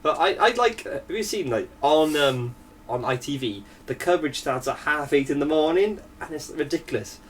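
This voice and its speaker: A man's voice: on the high side, animated, moderate pace, recorded from a distance, slight background noise. A young man in casual podcast banter, chatty, laughing often, at times reading a news story aloud. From Wales. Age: young adult. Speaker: podcast co-host.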